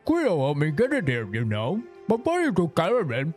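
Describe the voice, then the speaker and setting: A man's voice: a little high, wildly swooping pitch, soft background music, pitched above the performer's own voice. A man voicing a simple, dim-witted male henchman who talks in a clumsy, childlike way. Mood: dopey. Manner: slow, clumsy, childlike speech.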